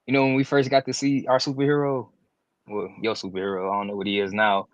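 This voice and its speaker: A man's voice: monotone, fast talker, no echo, dull audio. A man co-hosting a wrestling reaction podcast, talking casually with a playful, teasing manner. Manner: playful, teasing, swings between high and low tones. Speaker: podcast co-host.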